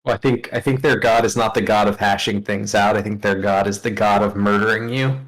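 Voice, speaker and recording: Male player, lowish voice, teasing, casual. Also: steady tone, brisk, fairly bright tone, rough recording. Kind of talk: casual chat at a tabletop game.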